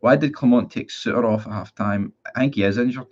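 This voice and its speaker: A football fan streamer in his 20s with a Northern Irish accent chats casually on a live stream, rambling, blunt and swearing. His medium-pitched voice moves a little fast, and the sound is muffled, dull and lo-fi.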